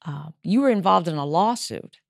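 A woman's voice: lowish voice, lively intonation, moderate pace, creaky, no room sound, clean studio sound. A woman hosting a radio talk show, prompting her guest with encouraging questions and announcing breaks.

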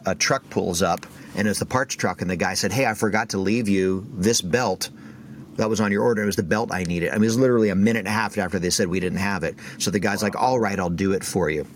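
A man sharing a faith story as a podcast guest, animated and acting out the voices of the people in it. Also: low voice, fast talker, a little hiss or hum. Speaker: guest speaker.

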